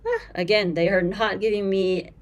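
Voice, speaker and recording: A woman with a medium-pitched, steady voice walks through a casual Swahili lesson. She's patient, repeats phrases slowly with fillers, and doesn't hold back about bad translations.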